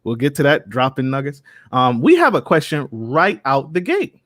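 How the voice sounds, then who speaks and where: A man's voice: medium pitch, very animated, normal speed, a bit bright, no room sound, clean studio sound. A man hosting a podcast, who recaps the guest's points and speaks to the listeners directly, often repeating words. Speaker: podcast host.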